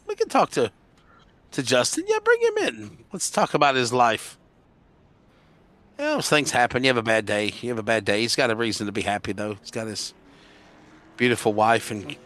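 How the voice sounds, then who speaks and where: A man calling a sim racing broadcast as play-by-play commentator, excitable and jokey, shouting when crashes happen. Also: medium pitch. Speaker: race commentator.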